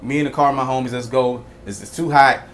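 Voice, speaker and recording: A man, chatting casually and telling a story as a father, acting out quotes in a higher voice. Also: brisk. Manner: animated storyteller who acts out quotes in a higher voice. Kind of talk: casual podcast conversation.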